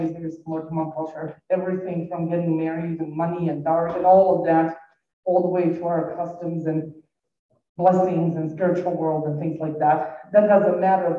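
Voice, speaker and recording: A middle-aged man with a foreign accent, a school staff member responding at a community forum in a personal, rambling storytelling way. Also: fairly high pitch. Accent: foreign accent, non-native English. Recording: echoey hall, distant dull mic.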